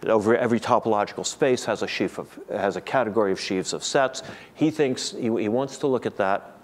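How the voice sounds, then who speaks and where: A man with a lowish voice, lecturing to a room of listeners. He thinks aloud as he goes, often restarting a phrase or repeating a word before moving on. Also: brisk. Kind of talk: academic lecture.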